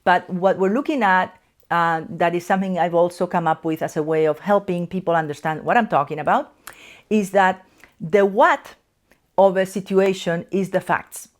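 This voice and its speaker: A middle-aged woman from Spain with a Spanish accent, a psychoanalyst explaining concepts to camera from a chair in her office in a measured way. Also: lowish voice. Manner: measured, explanatory, slows to stress key terms. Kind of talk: educational talk to camera.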